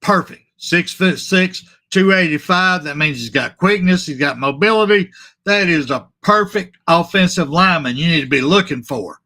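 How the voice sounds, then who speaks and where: Animated man with a sharp bright voice. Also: on the high side, moderate pace. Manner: animated and repetitive, trailing off and apologizing. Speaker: sports talk show host. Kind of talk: casual live-stream sports talk, reading viewer comments.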